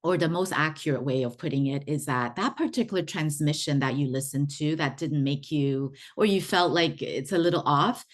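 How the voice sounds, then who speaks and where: Unhurried woman, low voice, chatty teacher who repeats for emphasis. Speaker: spiritual teacher. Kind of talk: explanatory online talk.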